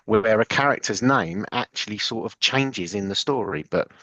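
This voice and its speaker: A man's voice: on the low side, normal speed, bright, forceful tone, no echo. A man from Britain, a podcast co-host, chatting casually in a thoughtful, hesitant way. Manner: thoughtful, hesitant, apologetic about tangents. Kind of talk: casual chat.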